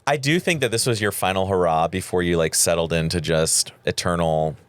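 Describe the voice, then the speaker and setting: A man's voice: sits low, fairly quick, clean tone, dry recording. A man in his forties co-hosting a podcast, telling stories and teasing in a casual, profane way. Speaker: podcast co-host. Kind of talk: casual chat.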